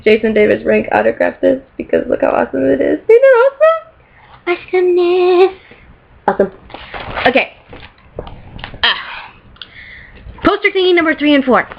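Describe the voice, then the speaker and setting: A young woman chatting excitedly in a casual vlog, rambling, correcting herself and laughing as she goes. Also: mid-range voice. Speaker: vlogger. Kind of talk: casual show-and-tell vlog. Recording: dull lo-fi home video.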